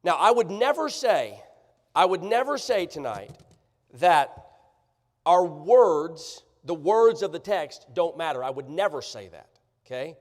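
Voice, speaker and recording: A man preaching a sermon, sarcastic and animated, often checking that the congregation follows him. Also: on the high side, unhurried. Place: church sanctuary. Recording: church livestream, long hall reverb.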